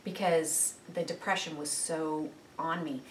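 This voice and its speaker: A woman's voice: sits low, fairly even intonation, measured pace, distant mic, slight background noise. A woman speaking earnestly and reflectively about faith, with many fillers and restarts. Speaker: Christian speaker sharing reflections. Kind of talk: casual faith talk. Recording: echoey room, voice a bit off-mic.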